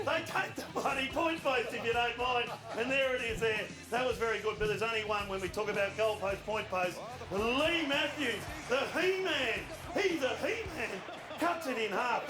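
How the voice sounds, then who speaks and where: Breathless excitable Australian man. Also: very high voice, normal speed, roomy sound, music in the background. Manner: excitable, laughing, exclaiming. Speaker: panelist presenting footage segment. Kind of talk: casual studio banter.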